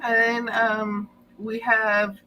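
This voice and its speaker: A woman hosting a casual sports podcast, running through goal highlights and laughing often. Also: little pitch movement, drawn-out words, lo-fi sound, soft background music. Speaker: podcast host.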